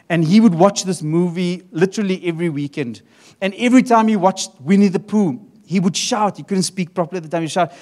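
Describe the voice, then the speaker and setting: A middle-aged man preaching a sermon as pastor, animated, often repeating and restarting his phrases. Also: high voice.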